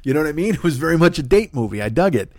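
Talking very fast with big pitch swings, this middle-aged podcast host has a fairly high, slightly mellow voice. His rambling comedic rant is full of swearing and exasperated outbursts, captured dry at studio quality.

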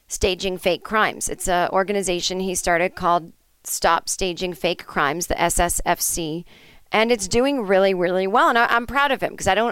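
A woman's voice: mid-range voice, a bit bright, smooth, no room sound. Chatty lady host rambling through a silly made-up story, um and like everywhere, clean dry mic. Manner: rambling, chatty, full of fillers and asides. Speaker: podcast host. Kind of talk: improvised comic storytelling.

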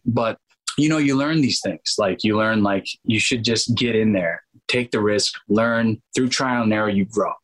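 A man in his thirties, an actor interviewed as a guest, telling stories in an animated way and acting out quotes. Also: on the low side, breathy edge, low-quality recording. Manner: animated, acts out quotes in changed voices, laughs often. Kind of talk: casual storytelling interview.

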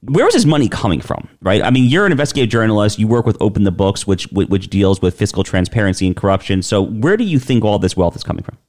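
Host, man, deep voice, rapid delivery, animated interviewer. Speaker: podcast host. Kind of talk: podcast interview.

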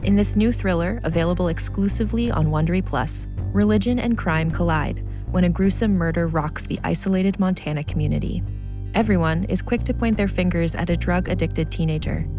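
A woman announcer reading a scripted promo in a smooth, dramatic, measured way. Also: on the low side. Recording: promo with music bed.

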